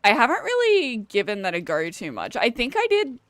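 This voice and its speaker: A young Australian woman streams a game and chats casually with her viewers, laughing a lot and swearing freely. Her voice is a little high and fairly bright, with pitch that swoops wildly, and she talks fairly quickly. There's no echo.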